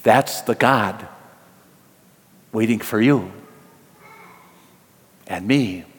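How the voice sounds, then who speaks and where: A man's voice: fairly low pitch, very slow. A man preaching a sermon, telling a story in an earnest, emotive way with rising emphasis. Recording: long hall reverb.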